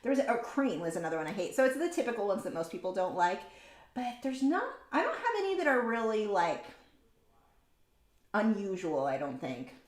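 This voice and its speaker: A woman's voice: mid-range voice, sing-song, brisk. Chatty woman livestream host, echoey room. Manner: chatty, rambling, many ums, reads comments aloud. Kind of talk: casual chat while painting, reading comments.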